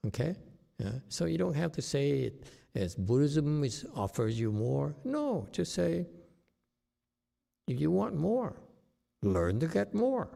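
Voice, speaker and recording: A man whose first language is Chinese, giving a slow, plain-spoken dharma talk as a meditation teacher, often checking in with "okay?". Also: a little high, very animated, creaky, warm tone. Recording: long hall reverb.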